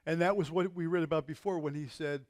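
A man with a high, light voice gives a conversational sermon and drops in rhetorical questions to the congregation. He slows down to lean on his key words. The sound is dry and close, with no room echo. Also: fairly even intonation. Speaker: pastor.

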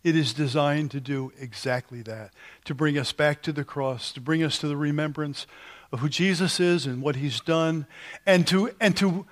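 A man preaching a sermon as pastor, telling stories conversationally with frequent restarts. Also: a little high. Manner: sings hymn lines slowly.

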